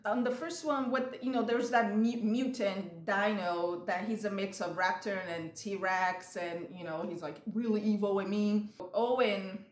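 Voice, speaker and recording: A woman's voice: mid-range voice, unhurried, hardly any pauses, echoey room. A woman vlogging in a chatty, rambling way, retelling movie scenes with animation. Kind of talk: casual chat. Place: lives in San Diego.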